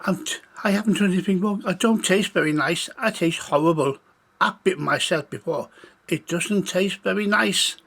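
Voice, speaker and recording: Man doing a scared little girl, pleading, high and gravelly, storybook. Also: moderate pace, a bit bright, exaggerated voice. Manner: pleading, breathless. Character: nine-year-old human girl, frightened then kind.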